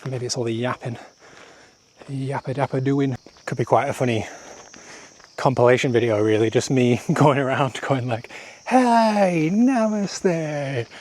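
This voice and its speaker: A man's voice: medium pitch, steady tone, moderate pace, slight background noise. Breathless laughing man vlogging on a walk. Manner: self-deprecating, laughs often, rambling asides. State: out of breath while walking uphill. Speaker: travel vlogger. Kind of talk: casual walking vlog monologue. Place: outdoors on village paths.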